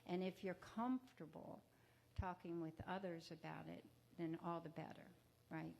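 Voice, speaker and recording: Halting woman hosting a memorial ceremony. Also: on the low side, steady tone, creaky. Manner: warm, halting, with fillers and self-corrections. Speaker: exhibition organizer and ceremony host. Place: museum event room.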